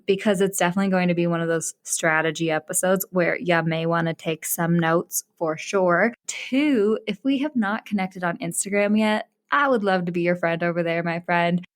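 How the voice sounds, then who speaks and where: A woman hosts her own podcast in a casual, chatty solo format. She is bubbly and openly excited, laughing often between points. Her pitch sits in an ordinary middle range for a woman. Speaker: podcast host.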